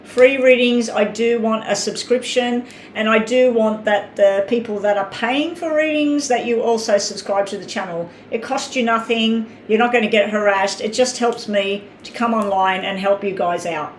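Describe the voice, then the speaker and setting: A woman's voice: fairly high pitch, normal speed, few pauses. Chatty Australian woman live-streaming. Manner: chatty, reads out names, talks while eating. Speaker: tarot reader. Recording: echoey room with faint ambient noise.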